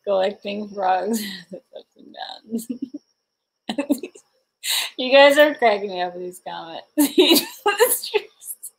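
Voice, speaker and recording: A woman's voice: medium pitch, big pitch swings, slow, gravelly, pauses often, rough recording. A woman hosting a casual livestream, giggling constantly and slap-happy tired. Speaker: livestream host.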